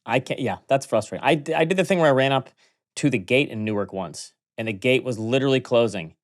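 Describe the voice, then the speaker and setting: A man co-hosting a podcast, giving quick reactive comments in casual chat. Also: mid-range voice. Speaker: podcast co-host.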